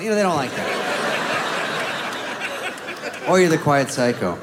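A man's voice: fairly high pitch, a little slow, long pauses. A man doing a stand-up routine, acting out the people in his stories. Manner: animated, acts out characters, laughing. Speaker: stand-up comedian. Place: comedy club stage. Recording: loud crowd and noise of a live club.

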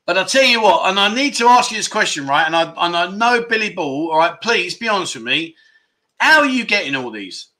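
Man, livestream host, jokey and chatty, fairly high voice, bright tone. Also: lively intonation, fairly quick, hardly any pauses. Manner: chatty, jokey, reads viewer comments aloud. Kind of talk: casual livestream chat.

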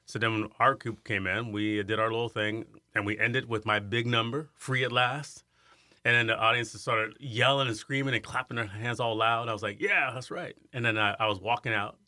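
A man in his fifties from Iowa, a singer telling stories about his career in an interview, animated and acting out the voices of others. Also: fairly low pitch, brisk, dry recording, clean studio sound. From Iowa, USA. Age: 50s. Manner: animated storyteller who acts out quoted voices. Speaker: guest, singer and arts center director. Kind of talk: storytelling in an interview.

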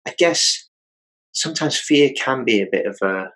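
A man's voice: medium pitch, expressive, moderate pace, bright, forceful tone, rough recording. A British man hosting a casual interview, rambling a little and often saying "you know.". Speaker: podcast host.

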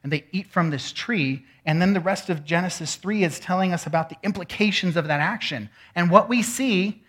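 A man's voice: sits high, normal speed, a bit bright. Guy giving a sermon like a class, keeps asking does that make sense. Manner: teaching, asks the room questions. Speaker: pastor.

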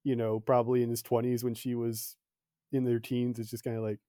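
A man who is a guest on a film podcast, talking in a relaxed, thoughtful and hedging way. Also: mid-range voice, brisk, no echo. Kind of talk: casual film discussion.

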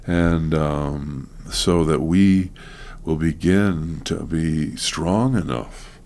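In a relaxed chat on teaching and counseling, a man talks earnestly yet haltingly, leaning on lots of fillers. He has a rumbling low voice with a darkish tone.

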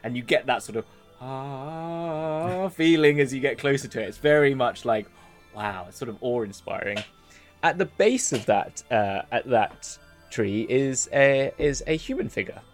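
A man running a tabletop game, describing scenes in a loose, rambling way full of hedges and fillers. Quiet music plays faintly under his voice. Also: mid-range voice, lively intonation, a little slow. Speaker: dungeon master.

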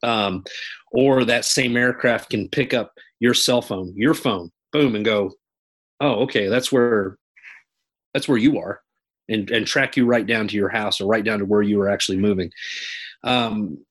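A man's voice: on the low side, moderate pace, a bit bright. A man, a military veteran guest, telling stories in a rambling way and circling back with fillers. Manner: rambling, repeats himself with fillers. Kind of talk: casual interview storytelling.

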